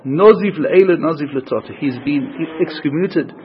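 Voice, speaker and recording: A man's voice: on the high side, animated, a little fast, dull audio, a little hiss or hum. A man teaching a religious text in an earnest, repetitive way, restating each phrase as he explains it. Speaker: Torah teacher.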